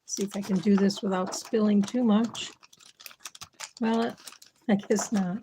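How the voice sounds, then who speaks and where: Mellow-voiced woman chatting on a livestream. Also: medium pitch, steady tone, unhurried, a little hiss or hum. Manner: chatty, thinking aloud while working. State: losing her voice. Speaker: livestream host. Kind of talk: casual kitchen livestream chat.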